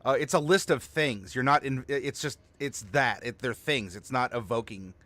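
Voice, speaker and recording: Bright-voiced male host, thinking aloud. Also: medium pitch, normal speed, dry recording. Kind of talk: casual discussion.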